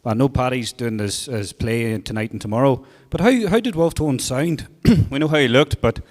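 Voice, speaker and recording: Audience guy asking a question, halting, lots of ums, echoey hall. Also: medium pitch, a little mellow. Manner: hesitant, searching for words. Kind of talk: audience question at a public talk. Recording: hall with long reverb.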